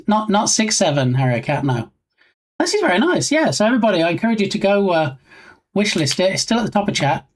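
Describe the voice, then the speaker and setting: A British man chatting casually on a live stream, reading chat messages aloud and reacting. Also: on the high side.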